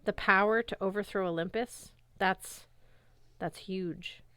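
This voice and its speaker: A woman's voice: mid-range voice, fairly even intonation, unhurried, fairly bright tone, clean tone, no room sound, close to an everyday voice. A woman voicing a fierce teenage warrior girl who speaks in an intense, tense way. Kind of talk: audiobook character voice.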